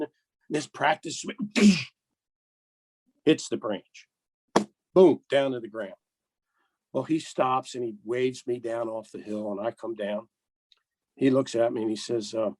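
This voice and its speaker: An older American man, a golf rules official and podcast guest, telling lively anecdotes and acting out the dialogue with chuckles. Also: medium pitch, breathy edge, dry recording, rough recording. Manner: animated storyteller, acts out dialogue, chuckles.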